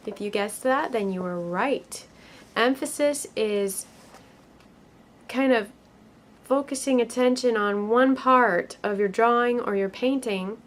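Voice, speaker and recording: A woman teaching a children's art lesson, speaking gently and encouragingly to young viewers as she draws. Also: mid-range voice.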